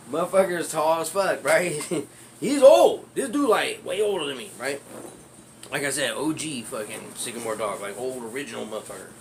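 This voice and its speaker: A man's voice: mid-range voice, normal speed, gravelly, fairly bright tone, a little hiss or hum. A man telling a personal street story in a rambling, profane way, laughing often as he talks. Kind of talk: casual storytelling.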